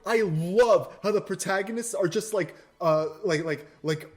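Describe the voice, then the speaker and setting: A man's voice: sits high, measured pace. A man co-hosting a casual podcast chat, enthusiastic and stumbling over his words. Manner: enthusiastic, stammering restarts. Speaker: podcast co-host.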